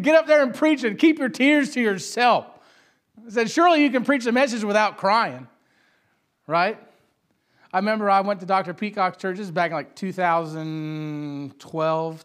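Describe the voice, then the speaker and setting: A man preaching a sermon, casual and storytelling, who climbs to loud emphatic peaks and laughs often. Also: fairly high pitch.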